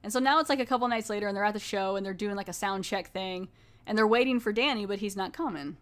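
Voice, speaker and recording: A woman's voice: mid-range voice, fast. A woman hosting a podcast, casually recapping a TV horror episode in a rambling, conversational way, with lots of "like". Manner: rambling, filler-heavy, conversational. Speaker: podcast host.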